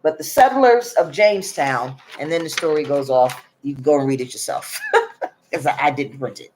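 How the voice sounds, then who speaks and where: A woman's voice: low-pitched, normal speed, darkish tone, slight background noise. A woman from the northern United States talks on her own channel, reading population figures aloud in a casual monologue. She wanders a little, trips over words, and corrects herself without fuss. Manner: rambling, with fillers and self-corrections. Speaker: YouTube commentator.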